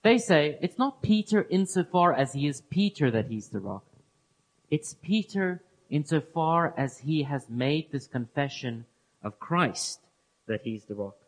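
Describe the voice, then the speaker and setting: A man giving a Bible teaching talk, earnest and explanatory, who repeats key phrases and lets his phrase endings fall soft and low. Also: expressive, a little slow. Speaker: preacher.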